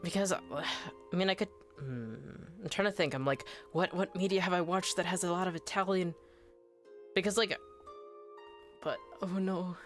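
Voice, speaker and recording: A game streamer chatting casually during live gameplay, excitable and gushing, often trailing off and restarting. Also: medium pitch, moderate pace, faint music behind.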